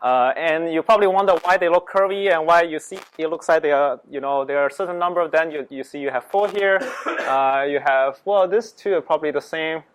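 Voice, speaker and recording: A man lecturing to a room, his voice sitting a little high. He talks hesitantly, filling gaps and restarting his sentences as he explains. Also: brisk, clear, resonant tone, rough recording. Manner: hesitant, many fillers and restarts. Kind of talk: astronomy lecture.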